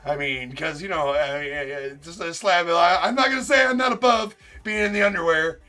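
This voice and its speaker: Bright-voiced man teasing a live chat. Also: fairly high pitch, fairly quick, faint music behind. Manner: teasing, rambling, with frequent laughs and filler words. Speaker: card break streamer. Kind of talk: casual live-stream banter. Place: card breaking stream room.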